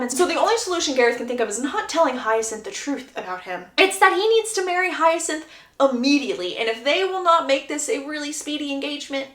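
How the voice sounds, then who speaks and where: A woman recapping a book plot in a chatty, animated, gossipy way. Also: sits high. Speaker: book reviewer. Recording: echoey room.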